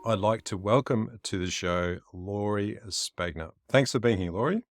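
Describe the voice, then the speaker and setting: A man hosting a podcast, asking his guest questions in a relaxed way. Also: fairly low pitch, normal speed, music in the background. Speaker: podcast host. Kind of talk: interview questions.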